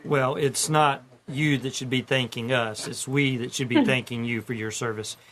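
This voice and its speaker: A man, a veteran guest on a radio show, speaking warmly and graciously. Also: mid-range voice, fairly even intonation, normal speed, a little hiss or hum. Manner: warm, gracious. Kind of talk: radio interview talk.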